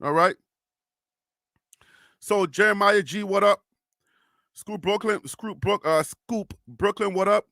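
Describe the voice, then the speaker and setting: A man's voice: high-pitched, takes it slowly, pauses often, sharp tone, no room sound, studio quality. A young man hosting a casual sports live stream, chatting loosely and reading viewer comments aloud with frequent laughs.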